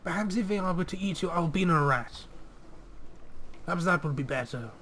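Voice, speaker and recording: A man's voice: a little high, lively intonation, normal speed, fairly bright tone, a little hiss or hum. A man putting on the voice of a genteel, hungry old tiger with a British accent, talking in a languid, polite and fussy way.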